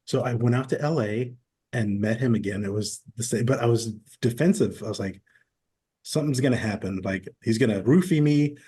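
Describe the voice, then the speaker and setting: A man in his forties, a podcast guest, telling stories in a relaxed, casual way and acting out quoted dialogue. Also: mid-range voice, brisk, slightly rough. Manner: relaxed storyteller who acts out quoted dialogue. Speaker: podcast guest, former military. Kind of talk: casual interview storytelling.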